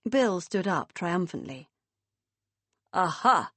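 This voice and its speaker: A woman reads an audiobook in a measured, expressive way, her voice in the middle of the female range. The sound is close and completely dry, with no trace of room. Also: mid-range voice, no room sound. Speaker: audiobook narrator. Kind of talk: scripted audiobook narration.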